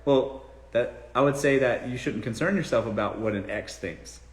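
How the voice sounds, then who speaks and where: A man's voice: mid-range voice, moderate pace, echoey room. A man from South Carolina with a Southern accent, hosting a casual live-stream Q&A on dating and giving blunt, profane, joking answers. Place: room in his home.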